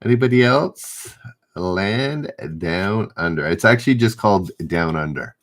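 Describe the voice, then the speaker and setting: A middle-aged man runs a live trivia stream, reading each question out and then going back over it when he trips on the wording. His voice sits a little low, and he speaks in an unhurried, drawn-out way while he calls out viewers' answers. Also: expressive. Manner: reads questions aloud, stumbles and rereads, chats with viewers. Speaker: trivia host.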